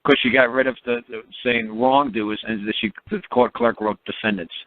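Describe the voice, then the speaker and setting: A man's voice: mid-range voice, expressive, normal speed, no room sound. A man rambling through a story on a phone call, repeating words and acting out quotes. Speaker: speaker on a call-in teaching line. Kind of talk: rambling casual phone talk. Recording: tinny phone line.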